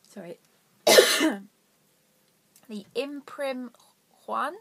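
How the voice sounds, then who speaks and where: Her voice fairly high and a bit bright, with vocal fry and drawn-out words, a young knitting podcast host rambles through a casual vlog. She's self-deprecating, and her voice at times sinks almost to a whisper.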